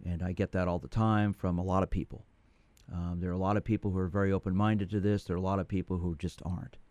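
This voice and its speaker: A man's voice: sits low, flat delivery, fast talker, darkish tone, no room sound. A man in his sixties, a sports psychologist hosting a call-in radio show, talking in a direct, conversational way. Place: radio studio.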